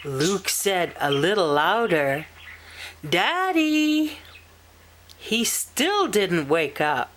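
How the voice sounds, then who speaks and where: A woman reading a children's picture book aloud in a slow, expressive storytelling manner. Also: deep voice, slight background noise. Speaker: storybook reader.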